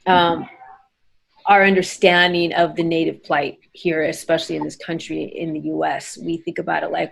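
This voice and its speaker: A woman with a lowish voice and a gravelly edge conducts an interview. She thinks aloud as she talks, stringing thoughts together with fillers and frequent "right?" tags. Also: flat delivery, moderate pace, low-quality recording. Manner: thoughtful, many fillers and tag questions. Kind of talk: reflective interview conversation.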